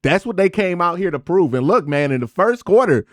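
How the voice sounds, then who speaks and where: A man giving an excited, slangy reaction to a basketball game, with animated emphasis and sound effects. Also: on the high side, brisk, few pauses, no room sound, studio quality. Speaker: sports commentator vlogger. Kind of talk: excited casual sports reaction.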